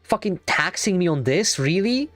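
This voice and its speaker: A young adult man streaming a game, chatting casually in a rambling, excitable way and swearing freely. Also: sits high, normal speed, dry recording, faint music behind. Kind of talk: casual gaming stream chat.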